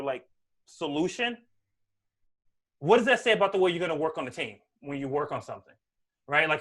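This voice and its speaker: A man giving casual career advice at an online meetup, talking fast and animated, peppering his talk with "like" and "right?", speaking from a room at home over a video call. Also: fairly high pitch. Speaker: guest speaker, Angular developer.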